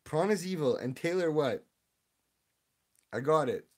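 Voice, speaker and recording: A man's voice: on the high side, animated, measured pace. A young man live-streaming, reading his chat and opening card packs, confused and laughing, often repeating himself.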